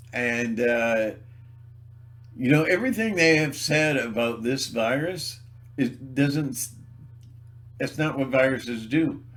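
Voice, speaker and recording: Brief: slow-talking man rambling theatrically to camera, mid pitch. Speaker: video blogger. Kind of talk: rambling monologue.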